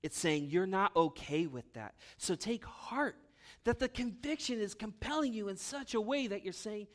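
Pastor guy with a high voice preaching, gets loud and urgent then goes quiet and low. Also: expressive, normal speed. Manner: impassioned preaching, swinging between loud urgent bursts and hushed low asides. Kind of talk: sermon.

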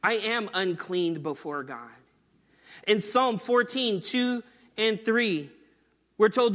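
A man's voice: sits high, slow pace, long pauses, fairly bright tone, long reverb tail. A man in his thirties preaching a sermon in an earnest, conversational way, mixing scripture with stories from home. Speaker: pastor.

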